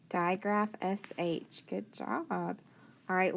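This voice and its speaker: A woman's voice: medium pitch, fairly even intonation, takes it slowly, creaky. A woman teacher giving a phonics lesson, sounding out letters one by one and praising each answer.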